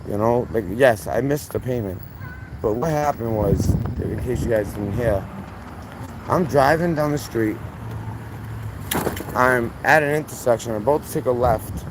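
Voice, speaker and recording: A young man rants outdoors, swearing freely and circling back as his voice climbs with anger. His voice sits at an ordinary male pitch. Clear traffic and street noise runs behind him. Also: a little slow, long pauses. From Massachusetts, USA. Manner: heated, profane, rambling, voice rising when worked up. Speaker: vlogger. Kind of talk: angry storytelling rant. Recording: noisy outdoor street recording.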